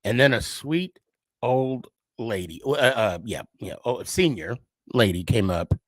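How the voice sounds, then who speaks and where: A man's voice: mid-range voice, expressive, measured pace, dry recording. A man hosting a podcast, telling a casual, rambling and profane story as a frustrated sports fan who pokes fun at himself. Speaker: podcast host.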